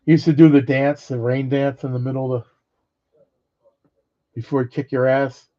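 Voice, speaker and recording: A middle-aged man rambles through old memories in casual talk, cursing freely and chuckling now and then. His voice is dark and mellow at a middling pitch. The audio sounds dull and lo-fi. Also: flat delivery, moderate pace. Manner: rambling, swears freely, laughs between stories. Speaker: vlogger.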